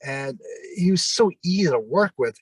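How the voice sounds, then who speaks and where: A man's voice: fairly high pitch, lively intonation, normal speed, slightly rough, dry recording. A man, a former wrestler telling long anecdotes in a casual interview, full of fillers and quoted dialogue.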